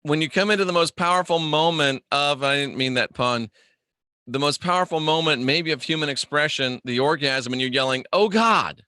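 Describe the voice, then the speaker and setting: A man's voice: a little high, brisk, pushed and bright, clean tone, no echo, clean studio sound. A man hosting a casual livestream monologue, rambling and joking as he answers viewer comments. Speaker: host.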